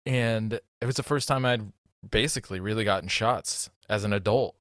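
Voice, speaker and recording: A man with a fairly low voice chatting casually as a podcast co-host. He is easygoing and teasing, and he laughs often. The sound is dry and close. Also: moderate pace, fairly bright tone, no echo. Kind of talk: casual chat.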